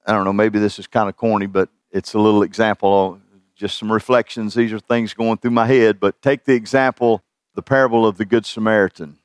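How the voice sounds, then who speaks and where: A man's voice: on the low side, steady tone, fairly quick, no echo, studio quality. A middle-aged man preaching a sermon in a folksy, conversational way, chuckling at his own asides. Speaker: pastor.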